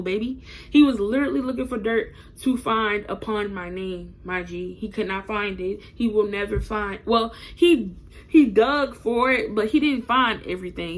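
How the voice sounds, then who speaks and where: A young woman telling a personal story to her viewers in a casual vlog, blunt and profane, talking straight to camera. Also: mid-range voice.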